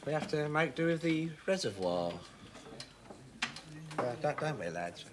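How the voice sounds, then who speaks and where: A man's voice: on the high side, very animated, unhurried, background noise. An actor playing a flustered middle-aged English tradesman who talks hesitantly, stumbling over words.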